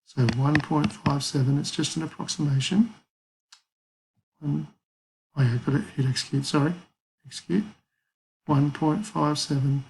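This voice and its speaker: A man's voice: a little high, fairly even intonation, moderate pace, vocal fry, pauses often, a little mellow, poor audio. A man teaching a maths lesson, talking casually through calculator steps and thinking aloud. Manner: casual, thinks aloud with fillers and small apologies.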